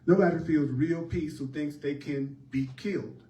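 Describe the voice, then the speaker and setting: A man's voice: fairly high pitch, normal speed, mellow. A man teaching a spiritual class, repeating his points with an emphatic, preacher-like cadence. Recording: echoey room heard from a distance.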